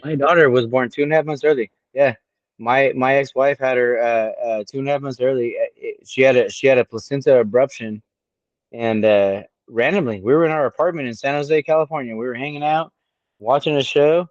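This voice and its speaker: A man's voice: medium pitch, no room sound, muffled recording. A man in his late thirties, co-hosting a podcast, telling a personal story in a casual, profane way and acting out what others said. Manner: profane, storytelling, animated quoting. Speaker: podcast co-host.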